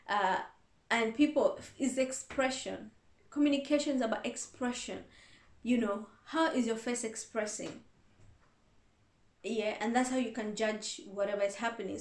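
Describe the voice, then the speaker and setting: A woman reverend answering viewer questions in a casual advice talk, earnest and repeating her points for emphasis. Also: fairly high pitch. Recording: echoey room.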